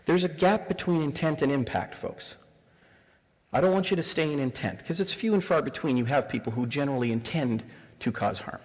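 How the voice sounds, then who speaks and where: A man's voice: on the high side, expressive, fairly quick. A Canadian man in his forties giving a live diversity workshop, engaging the audience with rhetorical questions. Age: 40s. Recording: reverberant room sound.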